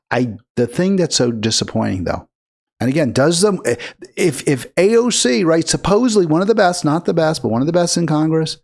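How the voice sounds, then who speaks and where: A man hosting a live political call-in show, talking in a sarcastic, mocking, rambling way. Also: a little high.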